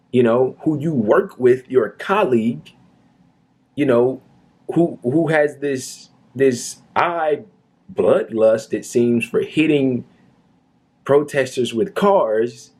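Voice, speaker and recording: A man's voice: mid-range voice, darkish tone, husky. A man giving indignant reaction commentary on a news video, talking earnestly with frequent fillers like "um" and "you know.".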